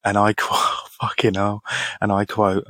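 A man's voice: lowish voice, monotone, measured pace, a bit bright, dry recording. A man around thirty hosting a casual Q&A podcast, reading out listener questions and answering them in a laid-back way, laughing often and swearing casually. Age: 30s. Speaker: podcast host.

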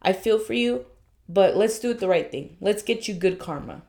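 A woman's voice: medium pitch, normal speed, creaky. A young woman co-hosting a podcast, telling work stories in casual chat, acting out the people she quotes and swearing freely. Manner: animated, acts out quoted voices, swears freely. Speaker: podcast co-host.

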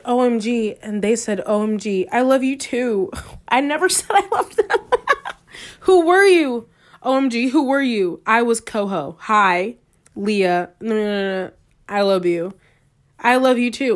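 A young woman talks to her viewers in a casual confessional storytime. She is dramatic and exclaiming, laughing in disbelief as she goes. Her voice jumps between loud outbursts and low, trailing mutters. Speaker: vlogger.

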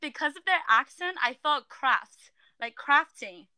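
A woman's voice: sits high, lively intonation, unhurried, bright, forceful tone, no echo. A woman hosting a casual chat, animatedly explaining slang. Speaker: podcast host.

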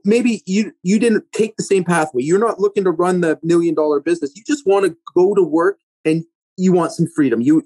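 Husky man giving business advice. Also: fairly high pitch, darkish tone, no echo. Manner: emphatic, coaching tone with frequent "right?" checks. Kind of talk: casual podcast conversation.

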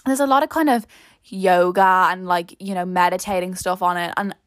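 A woman's voice: lowish voice, moderate pace, no room sound. A young Irish woman hosting a podcast, chatting casually and rambling through self-mocking stories. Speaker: podcast host. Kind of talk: casual chat.

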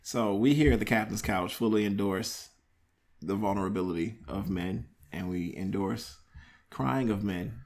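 A young man hosting a casual podcast chat, teasing his brother and telling lively family stories with plenty of laughter. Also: fairly low pitch, normal speed. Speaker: podcast host.

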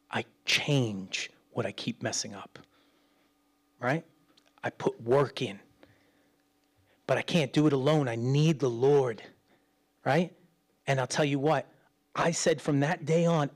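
A middle-aged man preaching as a pastor in a chatty way, acting out quoted voices and swinging between loud and hushed. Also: medium pitch, measured pace, pauses often. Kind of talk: sermon.

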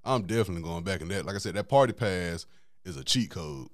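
A man's voice: sits low, animated, fast, dry recording. A man hosting a podcast, telling a casual story in a laid-back, slangy way and laughing often. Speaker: podcast host.

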